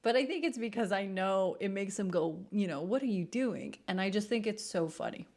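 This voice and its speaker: A woman with a voice of middle pitch talks to her viewers as the host of a musical theatre reaction video. She is bubbly and chatty, and she laughs easily as she shares her thoughts. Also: fairly quick, darkish tone. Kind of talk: casual reaction commentary.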